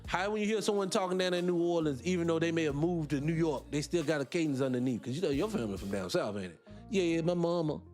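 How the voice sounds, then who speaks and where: A man hosting a radio talk show, arguing his points in an animated, rhetorical way and repeating himself for emphasis. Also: a little high, fast talker, soft background music. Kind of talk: opinionated solo radio talk.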